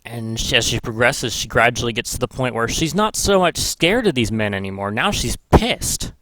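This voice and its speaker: A man's voice: medium pitch, fairly quick, bright, forceful tone, no echo. A man vlogging in casual commentary, rambling and swearing, correcting himself as he goes. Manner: rambling, profane, self-correcting. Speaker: gaming vlogger.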